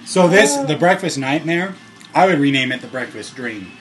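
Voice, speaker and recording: A young man chatting casually and crudely on a podcast, loud and joking. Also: a little high, lively intonation, normal speed. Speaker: podcast co-host. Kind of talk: casual chat.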